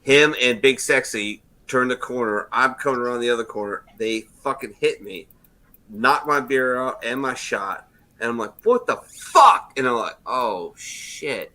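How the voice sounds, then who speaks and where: A man in his forties hosting a casual bar-style talk show, telling loud, profane stories and acting out the quotes. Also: mid-range voice, normal speed. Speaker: podcast host. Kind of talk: casual bar-room chat.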